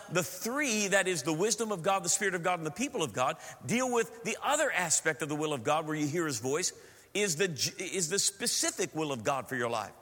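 Middle-aged man, pastor, sermon, animated and humorous, high bright voice, long church-hall reverb. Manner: animated storytelling with humor and questions to the congregation.

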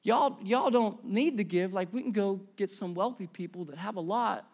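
A man doing a calm, soft-spoken apostle. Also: high voice, moderate pace. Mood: reasoning. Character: apostle figure, calm, reasoning male elder.

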